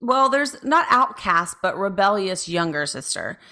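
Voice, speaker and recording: Young adult woman co-host, mid-pitched, conversational, reacts and pushes back. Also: big pitch swings, measured pace, sharp tone. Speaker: podcast co-host. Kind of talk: casual history chat.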